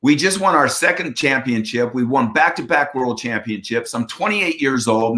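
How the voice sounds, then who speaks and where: A man's voice: medium pitch, animated, moderate pace, bright, forceful tone. A man in his fifties from the United States, telling a personal story in an interview with earnest emphasis and acted-out dialogue. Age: 50s. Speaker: interview guest, former baseball pitcher.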